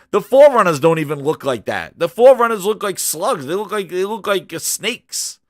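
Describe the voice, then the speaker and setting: A man hosting a gaming channel, ranting about a show in an animated, mocking way and jumping up into high shouts. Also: no room sound, clean studio sound.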